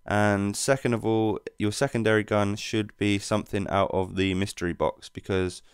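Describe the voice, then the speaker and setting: Chill guy rambling thru game tips, lowish smooth voice, dry close mic. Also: moderate pace, dry recording. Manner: relaxed, rambling explanations. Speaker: gameplay commentator. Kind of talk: casual gameplay commentary.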